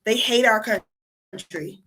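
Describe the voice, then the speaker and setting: A high-voiced woman runs a casual political livestream, heated and profane. Her tone is bright and sharp, and she rants straight at her viewers. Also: a little slow, a little hiss or hum. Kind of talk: casual live-stream commentary. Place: abroad while traveling.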